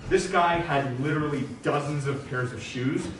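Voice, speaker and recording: A man's voice: mid-range voice, moderate pace, slight background noise. Young man telling a comic story on stage. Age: young adult. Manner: casual storytelling, animated. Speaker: improv performer. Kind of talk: comic monologue. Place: stage in a university hall. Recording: echoey hall from far off.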